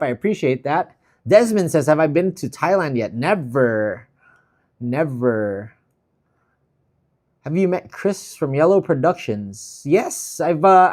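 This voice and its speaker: A man hosting a travel livestream, chatting casually and reading viewer comments with an easygoing, filler-filled manner. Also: high voice. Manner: easygoing, chatty, many fillers, gives shout-outs.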